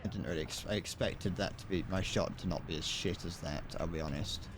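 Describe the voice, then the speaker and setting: Low-voiced and brisk, with fairly flat intonation, the British gamer in his twenties keeps up rambling, jokey commentary on his home stream. Background noise is present in the clip.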